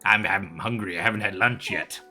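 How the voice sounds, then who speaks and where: A man voicing a greedy, hungry male goblin shopkeeper in a high, squawking voice. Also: a little fast, faint music behind. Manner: squawking, high-pitched, excitable.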